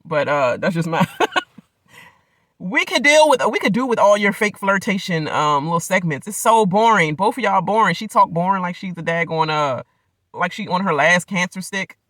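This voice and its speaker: A man with a slightly high, sharp-edged voice talks through a reality show episode in a loose, slangy, rambling way and laughs often. His voice sounds close and dry, with no room echo. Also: expressive, normal speed. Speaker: reality show recap vlogger. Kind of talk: casual reality TV recap.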